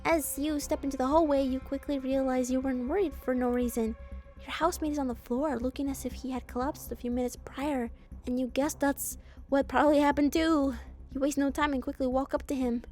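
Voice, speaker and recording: A woman with a high, light voice reads a story game aloud as a streamer. She keeps slipping into playful, joking asides. Soft game music sits faintly underneath her. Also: brisk. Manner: playful, jokey, animated asides. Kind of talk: reading a game aloud with commentary.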